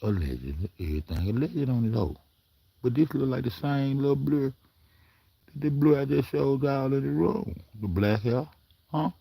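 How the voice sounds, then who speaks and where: A man in his own vlog, reacting to clips in a coarse, rambling rant full of swearing. His voice is gravelly and husky, with a mellow, dark tone, recorded dry and close. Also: medium pitch, expressive, normal speed, dry recording. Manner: rambling, coarse, talks back at the screen. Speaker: commentary vlogger. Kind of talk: profane reaction commentary.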